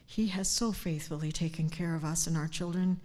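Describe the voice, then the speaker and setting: Earnest older woman, low-pitched voice. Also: fairly even intonation, moderate pace. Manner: heartfelt, earnest, dropping at times to a hushed near-whisper. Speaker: woman giving a devotion. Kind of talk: personal devotional talk with scripture. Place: church gathering, speaking standing up.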